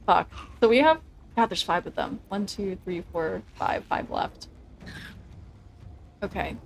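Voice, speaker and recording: A woman's voice: mid-range voice, lively intonation, measured pace, creaky, a little hiss or hum. Chatty woman streaming a game. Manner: chatty, laughs often, swears casually; thinks out loud through tactics. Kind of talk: casual gameplay commentary.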